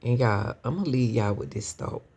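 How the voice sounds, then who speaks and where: A woman's voice: rumbling low, expressive, brisk, darkish tone, slightly rough. A woman hosting true-crime commentary who talks straight to her viewers with lots of rhetorical questions. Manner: keeps addressing the audience as y'all, asks rhetorical questions. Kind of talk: emotional casual commentary to viewers.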